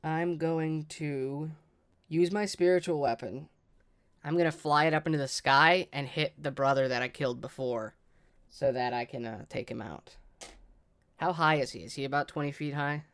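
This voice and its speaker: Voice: mid-range voice, normal speed, a bit bright, clear, resonant tone. Player calling out dice rolls. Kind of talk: casual tabletop play.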